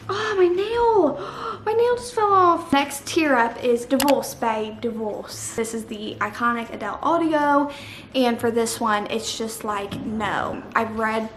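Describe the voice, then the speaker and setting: A woman's voice: a little high, a bit bright. A young woman vlogger chatting casually about books, opinionated and dramatic, with playful emphasis. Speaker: book vlogger. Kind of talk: casual chat. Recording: echoey room with faint noise.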